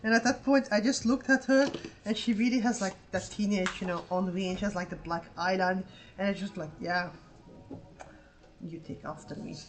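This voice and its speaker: A woman's voice: medium pitch, fairly quick, noisy background. Swearing, sarcastic woman telling a story. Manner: animated, profane, sarcastic anecdote telling. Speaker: livestreaming artist. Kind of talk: casual storytelling while drawing on stream.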